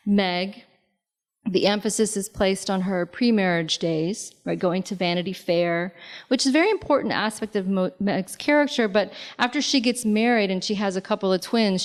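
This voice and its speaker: A woman author giving a public talk in a library lobby, speaking conversationally with many fillers and lively asides. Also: medium pitch. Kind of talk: public lecture.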